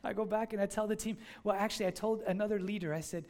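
A male pastor preaching a sermon, telling a story in an animated, conversational way. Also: sits high, fast talker. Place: church in Miami.

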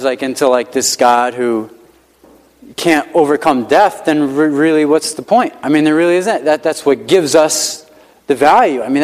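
A man preaches in a church with a loose, conversational style, hammering his points through repetition and sprinkling "like" between phrases. His voice sits a little high for a man, and a long reverb trails off every line in the big hall. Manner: conversational, emphatic repetition, frequent "like" fillers. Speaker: pastor. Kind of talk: sermon.

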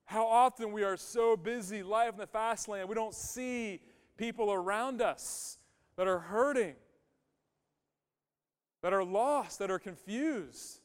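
High-voiced man preaching in a reverberant hall. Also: slow pace, clear, resonant tone. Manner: conversational, emphatic, repeats key phrases. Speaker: pastor. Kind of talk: sermon.

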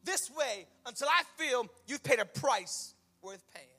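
A male preacher voicing a spiteful, self-righteous personified Unforgiveness in a sermon, loud and shouting. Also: very high voice, expressive, unhurried, pitched above the performer's own voice, heavily acted. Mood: bitter, self-righteous.

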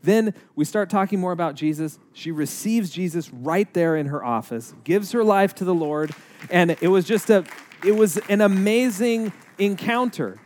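A man's voice: high voice, normal speed, a little hiss or hum. A man giving a personal testimony, telling the story in an earnest, conversational way. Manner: earnest, animated retelling with acted-out quotes.

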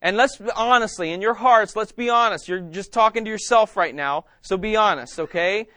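A man's voice: high voice, moderate pace, no room sound, clean studio sound. A man, preaching a sermon as pastor in a church and putting questions to the congregation. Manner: animated, asks the congregation questions.

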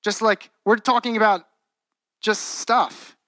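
High, bright-voiced young man preaching. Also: fairly even intonation, slow, dry recording. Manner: earnest, conversational, with frequent restarts and "like". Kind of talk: sermon.

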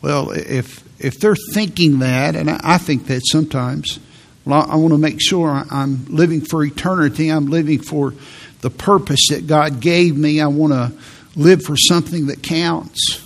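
A man in his sixties preaching a sermon to a congregation, telling a story in a halting way and often repeating his words. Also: on the high side. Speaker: pastor.

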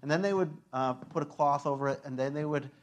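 A male pastor delivers a sermon in a loose, chatty manner, stumbling through "like" and "uh" as he goes. His voice sits a little high for a man, and he gets animated when he acts out scenes, with frequent laughter. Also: fast. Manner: casual, conversational, many fillers like "like" and "uh".

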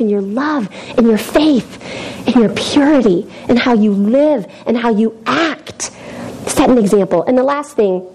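A woman's voice: on the high side, darkish tone, slight background noise, low-quality recording. A woman giving an informal youth group devotional in a chatty, self-deprecating way, often laughing.

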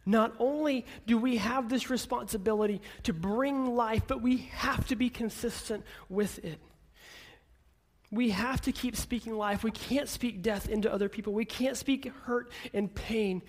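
A male pastor in his thirties giving an earnest sermon, speaking gently and then building to emphatic declarations. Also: very high voice, a little slow.

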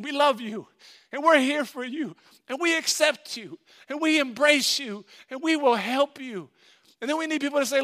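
A man's voice: extremely high pitch, fairly bright tone. A male pastor, preaching a sermon with an impassioned, repetitive cadence.

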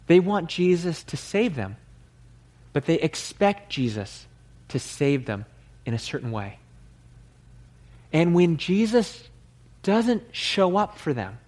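A man's voice: on the high side, a little mellow. A male pastor preaching a sermon in an earnest, conversational way.

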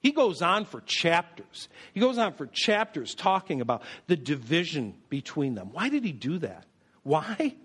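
A male pastor delivers his sermon in a high-pitched voice that swoops up and down. He drives points home by repeating phrases and briefly acting out the people he quotes. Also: very animated, normal speed, a bit bright, slightly rough. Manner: emphatic, repeats key phrases for effect.

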